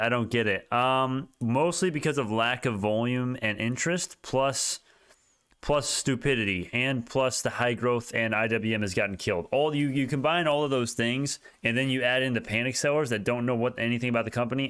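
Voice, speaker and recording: A young man hosting a casual stock market livestream, talking in an excitable, rambling way with many restarts. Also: mid-range voice, smooth.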